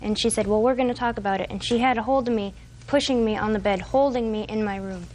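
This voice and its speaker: A woman's voice: a little high, fast talker, darkish tone, a little hiss or hum. Twenties woman defendant, rambly testimony, lots of ums. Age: 20s. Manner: long rambling account, hesitant fillers. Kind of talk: courtroom testimony.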